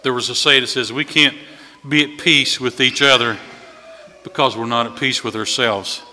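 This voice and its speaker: A man preaching a sermon in a folksy storytelling way, voice swelling louder at key points. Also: medium pitch, steady tone, normal speed, a little hiss or hum. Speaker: visiting preacher. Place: church sanctuary. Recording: long hall reverb.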